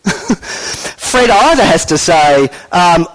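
Animated man preaching conversationally. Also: high voice, takes it slowly, pauses often, low-quality recording. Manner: animated, conversational, acts out quoted voices. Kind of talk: sermon.

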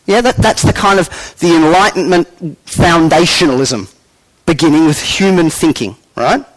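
A man giving a sermon in a conversational, animated way, acting out quoted voices along the way. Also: a little high, normal speed, low-quality recording. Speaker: preacher.

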